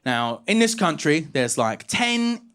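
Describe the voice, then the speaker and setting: Animated self-mocking male stand-up. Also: a little high, takes it slowly, clean tone. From England. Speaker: stand-up comedian. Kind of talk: stand-up comedy set.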